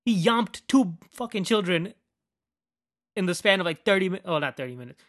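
Animated young man ranting, constant swearing. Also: high voice, normal speed. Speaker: podcast host. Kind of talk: casual profane movie rant.

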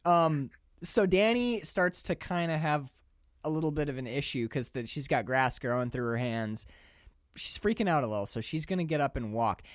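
Man, podcast co-host, slightly high voice, dry close sound, animated casual chat. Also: normal speed, dry recording. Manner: animated, laughs often, acts out scenes. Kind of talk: casual film discussion.

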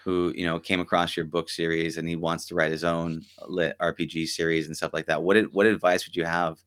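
Man, very low voice, podcast host, hesitant, filler-heavy questions. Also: flat delivery, a bit bright. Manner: hesitant, halting phrasing with many fillers. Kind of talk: casual interview chat.

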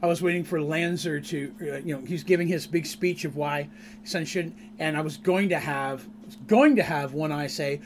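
A man recaps a tabletop adventure he ran, rambling and animated as he tells it. His voice sits somewhat high, with a faint hum under the recording. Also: normal speed. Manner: animated, rambling, laughs at his own story. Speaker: game master. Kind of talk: casual storytelling recap of a tabletop game.

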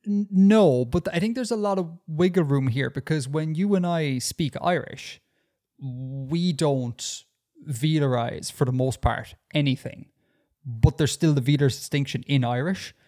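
A man's voice: a little high, a little slow, mellow. A man co-hosting a casual podcast discussion, talking in a chatty, hesitant way with frequent restarts and fillers. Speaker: podcast co-host.

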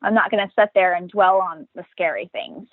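A woman's voice: fairly low pitch, fairly even intonation, fairly quick, dry recording. Matter-of-fact woman on a tinny line. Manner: matter-of-fact, upbeat, acts out quoted voices. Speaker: guest. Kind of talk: casual interview talk. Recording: dry, tinny phone-like line.

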